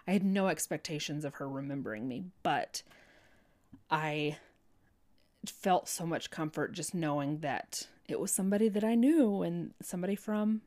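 A woman telling a heartfelt personal faith story in an earnest, halting way, full of restarts and fillers like "you know". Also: sits low, expressive, a little mellow.

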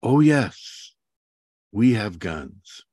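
Speaking very slowly in a fairly low, husky voice, a U.S. spiritual teacher rambles casually during a video call. He laughs often and drifts into animated side comments, and the recording is dry with clean studio sound.

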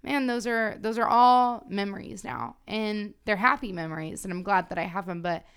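A woman's voice: medium pitch, steady tone, normal speed, fairly bright tone, smooth. A young woman co-hosting a podcast, telling personal stories in reflective casual chat. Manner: reflective storytelling, frequent "like". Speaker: podcast co-host.

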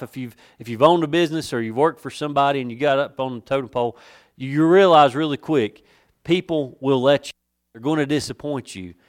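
A male pastor preaches a sermon, breaking into slow, emphatic readings of King James scripture. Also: mid-range voice.

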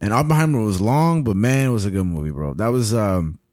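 A man's voice: on the low side, lively intonation, brisk, darkish tone, no room sound, clean studio sound. A young man co-hosting a podcast in casual chat, laid-back and rambling, laughing often. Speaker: podcast co-host.

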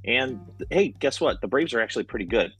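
Laid-back husky man giving betting picks. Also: medium pitch, lively intonation, fairly quick, a bit bright, faint music behind. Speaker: co-host. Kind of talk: casual sports betting chat.

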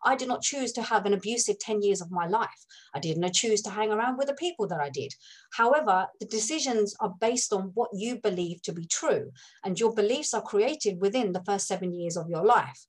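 A woman's voice: mid-range voice, lively intonation, moderate pace, slightly rough, poor audio. Candid woman with an Essex accent. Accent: Essex English. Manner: candid storytelling, acts out voices. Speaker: podcast guest. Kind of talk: casual conversation.

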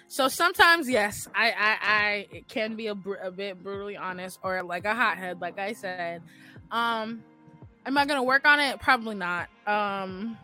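A woman's voice: medium pitch, sharp tone. A woman co-hosting a casual chat podcast, telling stories bluntly and candidly with slang. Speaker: podcast co-host.

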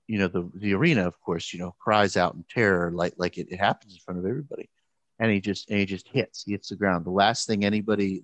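Low-voiced man retelling a story haltingly. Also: no room sound, lo-fi sound. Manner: halting, many restarts and fillers. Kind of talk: casual storytelling.

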